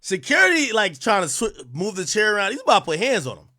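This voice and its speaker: Streamer, male, bright lively voice, animated and slangy, repeats himself when worked up. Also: sits high, fast. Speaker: livestream host reacting to a clip. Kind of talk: casual livestream commentary.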